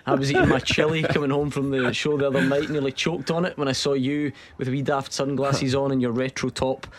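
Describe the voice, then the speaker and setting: A man's voice: medium pitch, flat delivery, brisk, crowd noise. A man hosting a football radio show, chatting casually and teasing his co-hosts. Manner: chatty, teasing, laughs often. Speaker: radio sports show host.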